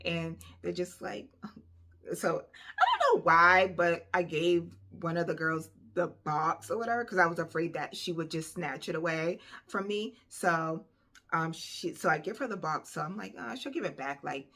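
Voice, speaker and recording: A woman tells a personal story in a chatty vlog. Her voice is low-pitched but bright and forceful, and she talks in an animated, loose way full of fillers. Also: unhurried. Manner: animated, conversational, lots of fillers. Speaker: vlogger.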